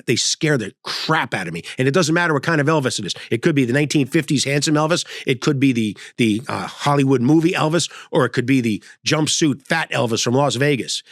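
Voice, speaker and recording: A man's voice: a little high, a bit bright, no room sound, studio quality. Rambling comic man in his sixties. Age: 60s. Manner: rambling, grumbling, self-mocking old-timer persona. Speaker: comedian and host. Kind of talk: comedic storytelling monologue.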